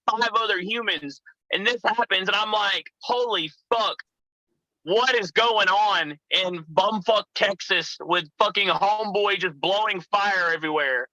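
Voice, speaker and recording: A man's voice: high voice, sharp tone, dry recording, poor audio. A young adult man, a wrestler guest, telling profane, rambling stories and acting out the people in them. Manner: swears constantly, rambling tangents, acts out quoted voices. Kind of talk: profane storytelling chat.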